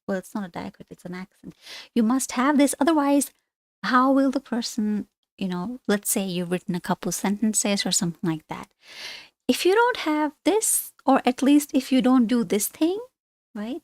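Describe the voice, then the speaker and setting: A woman's voice: mid-range voice, no room sound. A woman teaching an online language lesson, explaining things on screen in a chatty, rambling way with frequent asides and self-corrections.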